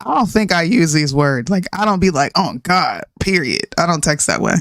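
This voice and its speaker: A woman in her thirties, a podcast co-host, chatting casually and ranting in an animated way, mixing in slang and laughs. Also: deep voice, moderate pace, no room sound, studio quality. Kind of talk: casual chat.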